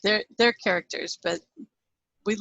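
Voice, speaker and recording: A woman hosts a radio interview in a friendly, chatty way and laughs often. Her voice is mid-pitched with a noticeably gravelly edge, and the sound is dry. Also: a little slow, pushed and bright, dry recording, muffled recording. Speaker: radio show host.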